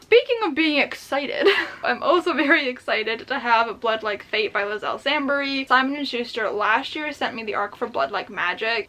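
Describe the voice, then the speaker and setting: A woman's voice: fairly high pitch, pushed and bright. A young woman vlogging a book haul, gushing and effusive, often laughing as she talks. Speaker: book YouTuber. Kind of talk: casual book haul vlog.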